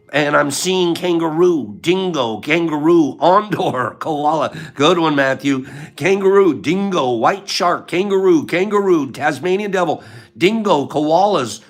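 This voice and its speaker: A man's voice: a little high, a bit bright. A man hosting a live stream in a casual chat, reading viewers' names and their answers aloud. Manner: reads chat names aloud, rattles off lists.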